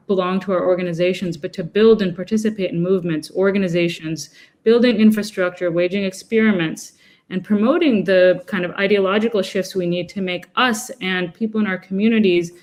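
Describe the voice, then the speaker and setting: A woman panelist speaks over a video call. She builds long, articulate sentences in measured academic phrasing. Her pitch stays in the middle range. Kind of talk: panel discussion.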